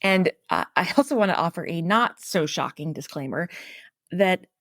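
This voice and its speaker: A woman's voice: lowish voice, animated, normal speed, dry recording, studio quality. A woman hosting a podcast, reading scripted narration in a chatty, self-deprecating way with laughing asides. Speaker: podcast host.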